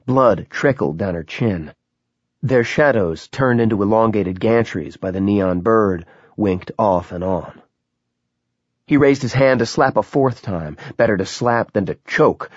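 A man narrating a novel in a lively, dramatic reading. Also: on the low side, breathy edge, dry recording. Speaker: audiobook narrator. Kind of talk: scripted narration. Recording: dull, lo-fi sound.

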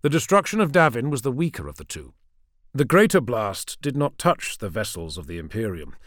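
A man giving dramatic scripted audiobook narration, measured, dropping low at the ends of sentences. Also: sing-song, no echo, studio quality.

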